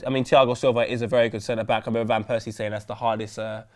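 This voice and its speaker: Smooth-voiced young man bantering. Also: medium pitch, racing. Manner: animated, chatty, jokey banter. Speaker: co-host. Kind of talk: casual football chat. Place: indoor studio seated on chairs.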